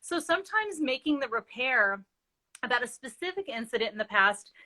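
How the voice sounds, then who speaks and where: A woman's voice: on the high side, sing-song, normal speed, sharp tone. A middle-aged woman, a parenting expert, explaining earnestly in a live interview and telling stories with quoted dialogue.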